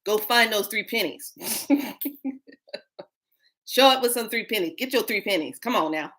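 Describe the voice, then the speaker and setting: A woman's voice: mid-range voice, expressive, moderate pace, a bit bright. A woman in her fifties hosting a spiritual livestream, telling a story casually, playful and laughing often. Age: 50s. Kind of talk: casual storytelling to a live audience.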